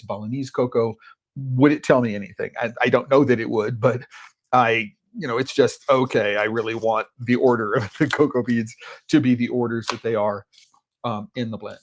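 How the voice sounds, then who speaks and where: A man's voice: mid-range voice, steady tone, a little fast, a little hiss or hum. Rambling man thinking aloud. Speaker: chocolate critic and podcast host. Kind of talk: solo podcast tasting talk. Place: his office at a computer.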